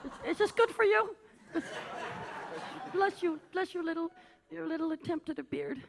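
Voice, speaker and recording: With a crowd audible behind her, she speaks at a moderate pace in a very high, gravelly voice. The cabaret act has her as a needy, vain aging diva who gushes theatrically and teases the audience from the stage.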